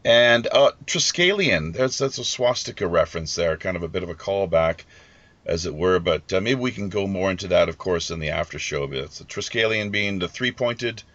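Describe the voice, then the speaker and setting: A man hosting a live podcast, talking in a halting way with many restarts. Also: sits low, animated, fairly bright tone, no room sound, muffled recording. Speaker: podcast host.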